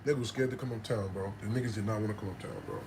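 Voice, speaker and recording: A man from Harlem, hosting a phone livestream from home and telling a story in an animated, profane way that swings from loud to hushed. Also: lowish voice, rapid-fire, noisy background. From Harlem, New York.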